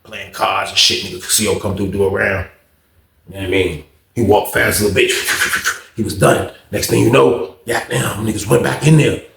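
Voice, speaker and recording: A man's voice: fairly low pitch, a little fast, vocal fry, roomy sound. A man telling a story from his time in prison in a casual storytime monologue, acting out the quoted lines in a raised voice and swearing freely. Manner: animated, acts out quotes in a raised voice, heavy profanity. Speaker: storyteller recounting prison life.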